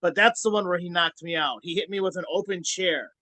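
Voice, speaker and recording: A man's voice: high voice, brisk, no room sound, poor audio. A man guest on a podcast, telling rambling stories full of swearing and quoted arguments. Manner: profane, rambling, animated when telling stories. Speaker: podcast guest, former wrestler. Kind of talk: casual storytelling.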